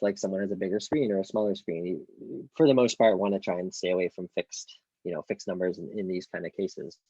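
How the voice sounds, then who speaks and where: Male coding tutor: low, gravelly, husky voice, casual screen-recorded walkthrough full of ums and self-corrections. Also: a little mellow, no echo, lo-fi sound. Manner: thinks aloud with many ums, self-corrections. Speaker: coding instructor.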